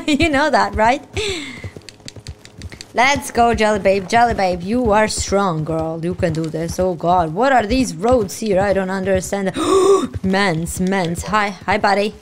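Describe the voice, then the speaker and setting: A woman hosting a let's-play video, giving excitable, playful reaction commentary and teasing the game characters. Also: a little high. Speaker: gaming video host.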